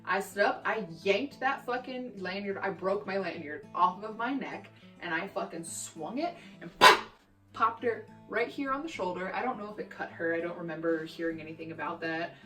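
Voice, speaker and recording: A young woman from Texas telling childhood stories in a brash, profane, animated way for her vlog. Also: medium pitch, normal speed. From Texas, USA. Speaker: vlogger. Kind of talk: storytime vlog. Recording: roomy echo, distant mic, faint guitar music.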